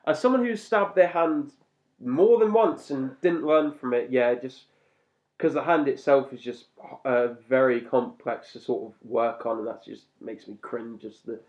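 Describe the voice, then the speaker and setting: A man's voice: mid-range voice, measured pace. Guy chatting on a podcast, laughs a lot, bit muffled audio. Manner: chatty, laughs often, animated bursts. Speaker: podcast co-host. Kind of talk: casual chat reviewing a cartoon episode. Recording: slightly muffled lo-fi recording.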